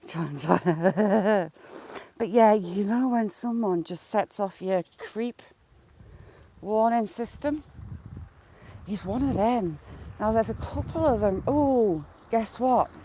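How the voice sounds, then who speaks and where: A woman's voice: medium pitch, lively intonation, slow, dark tone, a little hiss or hum, low-quality recording. Sarcastic woman live-streaming outdoors. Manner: chatty and teasingly sarcastic, greeting viewers by name. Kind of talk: casual live-stream chat. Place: outdoors walking beside a lake.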